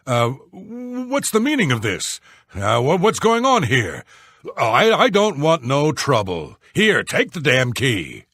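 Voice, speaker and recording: Gruff game warriors and townsfolk. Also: male voice, lowish voice, a bit bright, dry recording, studio quality, heavily acted. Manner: gruff, blunt, scornful. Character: rough male Nord warriors, guards, sailors, townsfolk. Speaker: video game voice actor. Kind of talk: video game character dialogue.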